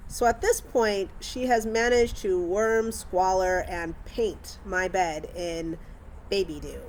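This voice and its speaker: A young woman telling casual family anecdotes as a mother, wry and animated, acting out the dialogue as she goes. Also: mid-range voice, slow pace, a little hiss or hum.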